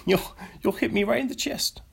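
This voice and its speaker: A man voicing a prissy, posh gentleman ballplayer in a top hat, who speaks in a shrill, fussy, put-on upper-class voice and pleads daintily. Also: normal speed, creaky, slightly rough, heavily acted.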